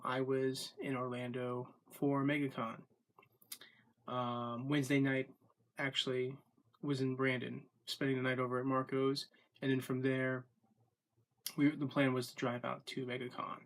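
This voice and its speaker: Vlogger, male, mid-pitched, hiccupping, loose and rambling, full of ums. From Florida. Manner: rambling, lots of ums and self-corrections. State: has the hiccups. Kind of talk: casual daily vlog.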